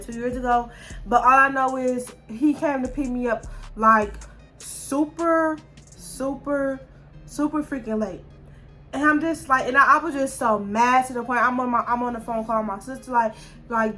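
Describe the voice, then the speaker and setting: A woman's voice: on the high side, a bit bright. A young woman, talking straight to her viewers in a candid, profane storytime monologue full of restarts. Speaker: vlogger.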